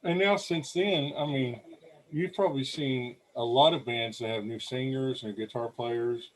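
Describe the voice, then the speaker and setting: A man's voice: medium pitch, unhurried, low-quality recording. A male host running a casual interview over a call, talking loosely and swearing now and then.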